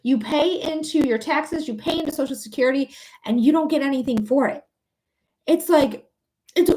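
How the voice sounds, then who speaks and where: A woman's voice: high-pitched, moderate pace, a little mellow. A woman hosting a psychic livestream, thanking viewers and ranting angrily with lots of swearing. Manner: swears freely, talks straight to viewers. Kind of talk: casual livestream chat and ranting.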